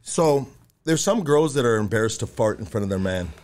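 A man's voice: medium pitch, expressive, fairly quick, darkish tone. A man hosting a podcast, bantering with his guest in a loose, profane, slangy way. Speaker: podcast host. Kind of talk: casual chat.

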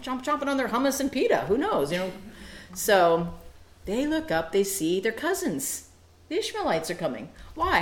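An animated woman leads a Bible study, slipping into playful asides and acted-out quotes. Her voice sits in a middle pitch. The room around her gives it a noticeable echo.

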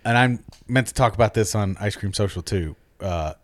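A man hosting a casual podcast chat, talking in an animated, jokey way and swearing freely. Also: fairly low pitch, moderate pace, no echo. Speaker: podcast host.

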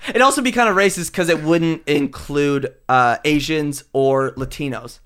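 A young man in casual podcast chat, joking and swearing, breaking into loud laughs and shouts. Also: fairly high pitch, normal speed. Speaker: podcast co-host.

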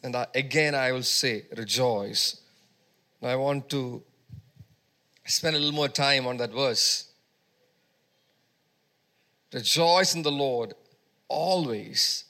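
A man's voice: mid-range voice, takes it slowly, long pauses, pushed and bright. A man preaching a sermon as pastor at a church service, prompting the congregation to repeat words back to him in call-and-response.

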